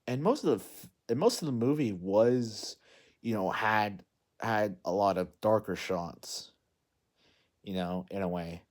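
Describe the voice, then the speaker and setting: Rambling man with a lowish voice. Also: expressive, unhurried, a little mellow. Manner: rambling, heavy fillers and restarts. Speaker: movie vlogger. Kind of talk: casual unscripted movie recap.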